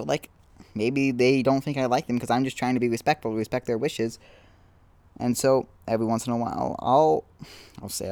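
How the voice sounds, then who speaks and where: A young man hosting a casual solo podcast outdoors, rambling and self-deprecating, with frequent halting restarts. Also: mid-range voice, darkish tone, no echo. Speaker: podcast host.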